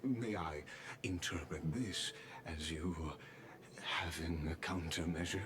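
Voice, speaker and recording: A low, slow scheming elder councillor. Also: male voice. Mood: polite, sly. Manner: courteous, oily and formal. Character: smooth scheming male elder councillor, chuckling. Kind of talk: video game voice acting.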